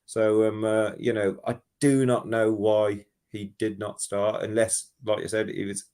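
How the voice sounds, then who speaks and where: A man calling in to a football phone-in, talking in an animated, rambling way and often restarting his sentences. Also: lowish voice, a little slow, clean tone. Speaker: caller. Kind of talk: casual football phone-in chat.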